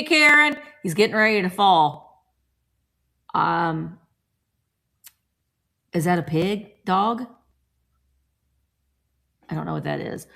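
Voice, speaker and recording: A woman's voice: mid-range voice, gravelly, pushed and bright. A woman hosting a live-chat vlog, showing thrifted finds and chatting casually with viewers by name. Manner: chatty, reads out viewer names, playful voices. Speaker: vintage reseller host.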